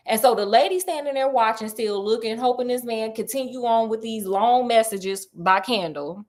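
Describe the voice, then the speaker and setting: A woman's voice: a little high, moderate pace, hardly any pauses, a little mellow. Chatty woman retelling a story. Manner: chatty and slangy, acting out characters' lines. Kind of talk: casual retelling of a detective story.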